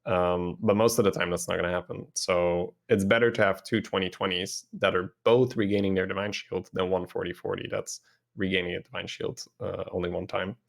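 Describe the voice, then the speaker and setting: A man co-hosting a casual game-strategy podcast, explaining things in a measured way with the odd "um". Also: low-pitched, flat delivery, vocal fry. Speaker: podcast co-host.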